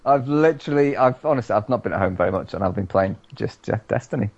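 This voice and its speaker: A man's voice: on the low side, lively intonation, a little fast, a little mellow, breathy edge, dry recording, highs cut off. Sweary ranting british man. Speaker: podcast co-host. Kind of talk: casual chat.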